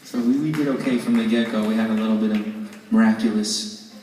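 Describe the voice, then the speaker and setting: A man's voice: lowish voice, steady tone, fairly quick, far from the mic, a little hiss or hum. A man casually joking with an audience and answering their questions from a stage, loose and rambling with many restarts. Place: concert hall stage with audience. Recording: echoey live hall from afar, loud crowd.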